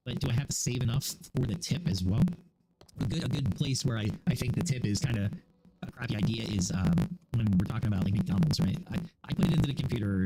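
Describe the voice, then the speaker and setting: A man's voice: medium pitch, background noise. A middle-aged man chatting casually as a gaming channel host, musing and opinionated, often restarting his sentences. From United States. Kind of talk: casual chat over gameplay.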